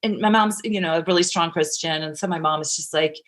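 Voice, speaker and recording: A woman from Kansas, a guest on a talk show, telling a personal story in a lively, chatty way and acting out what others said. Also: sits low, quick pace, background noise. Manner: animated, acts out quotes. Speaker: actress guest. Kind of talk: casual storytelling.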